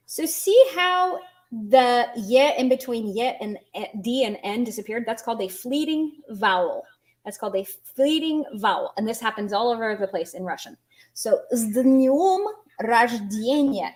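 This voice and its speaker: Woman, language teacher, fairly high voice, patient and chatty, quizzes viewers as she explains. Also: a little mellow. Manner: patient, explains slowly, asks students questions. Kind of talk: online language lesson.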